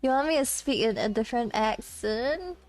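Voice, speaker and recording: A woman's voice: on the high side, expressive, moderate pace. A young woman streamer chatting casually with viewers, reading out chat, giggling often and a little self-conscious.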